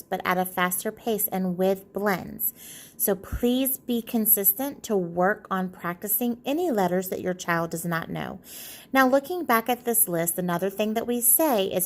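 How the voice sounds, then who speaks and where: A woman teacher explaining to parents how reading is taught, sounding out letters and words slowly as examples. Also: mid-range voice. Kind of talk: phonics lesson for parents.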